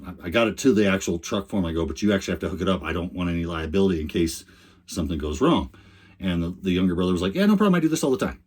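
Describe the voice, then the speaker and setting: An older man tells a rambling, chatty story straight to the camera. His voice sits low and a little husky, and he often stops and restarts his sentences. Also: darkish tone. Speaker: RV lifestyle vlogger.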